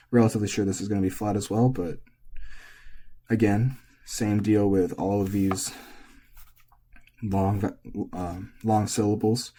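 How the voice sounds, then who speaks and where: A man teaching pitch in a relaxed, casual lesson, thinking aloud as he goes. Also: breathy edge. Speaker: language teacher.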